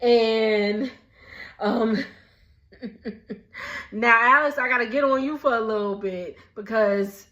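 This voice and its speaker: Young woman host, bright slangy recap voice, frequent laughter, loose casual retelling. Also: a little high, slow, pauses often, highs cut off.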